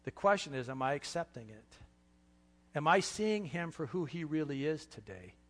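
A man preaching a sermon with passion, dropping to a hush and then rising loud, in a church. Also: a little high, sing-song, normal speed, long reverb tail, faint music behind. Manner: impassioned, swings from hushed to loud. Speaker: pastor.

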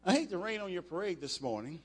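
Older male preacher, emphatic, fairly high voice, long hall reverb. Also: big pitch swings, fast, breathy edge. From United States. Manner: emphatic, rising to loud passages, with restarts. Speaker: preacher, former football player. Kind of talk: sermon. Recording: echoey hall.

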